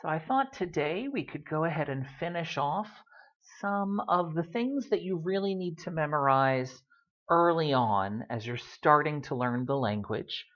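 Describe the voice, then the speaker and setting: A woman teaching a beginner Spanish lesson in a relaxed, chatty way, with frequent "um"s. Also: sits low, unhurried. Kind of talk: recorded language lesson. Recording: dull lo-fi recording.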